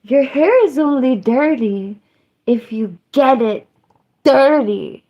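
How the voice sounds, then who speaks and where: A woman live streamer chatting casually to her viewers. She rambles loosely, mocks herself and breaks into squeals and yells. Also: high-pitched, lively intonation, takes it slowly, dull audio. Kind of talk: casual livestream chat.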